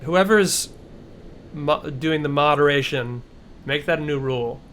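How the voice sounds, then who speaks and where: Joking New gaming streamer. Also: male voice, on the high side, steady tone, normal speed, a bit bright, a little hiss or hum. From New Jersey. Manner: joking, profane, rambling. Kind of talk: casual gaming stream commentary. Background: game music.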